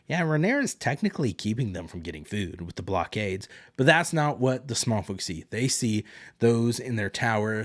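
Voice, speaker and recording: A man with a fairly low voice chats his way through an episode recap on a podcast, paraphrasing the characters in an offhand way. He is blunt and self-mocking, and he swears casually. The sound is close and dry, with no room echo. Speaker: podcast host.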